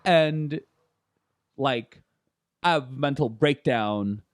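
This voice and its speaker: A man in his thirties talking candidly as a podcast guest, animated and often laughing. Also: mid-range voice, very slow, no echo, studio quality. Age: 30s. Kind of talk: casual conversation.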